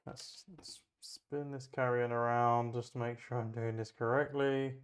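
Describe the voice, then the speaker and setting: A man's voice: mid-range voice, level tone, measured pace. A man playing a tabletop wargame, thinking aloud as he moves models, measures ranges and rolls dice in casual play commentary.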